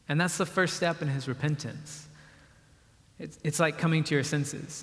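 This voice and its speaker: A man's voice: on the high side, brisk, a bit bright. Man preaching in a reverberant hall. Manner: conversational and explanatory, with acted-out quotes. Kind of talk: sermon.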